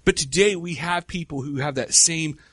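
A middle-aged man preaching a sermon in a conversational way, with rhetorical questions and slow, emphatic pauses. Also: a little high, a bit bright, slightly rough, no echo, clean studio sound. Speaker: pastor.

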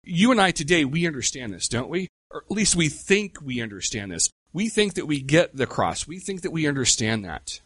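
A middle-aged man preaching a sermon in a conversational way, with rhetorical questions and slow, emphatic pauses. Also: on the high side, sing-song, fairly bright tone, husky, no echo, clean studio sound. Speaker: pastor.

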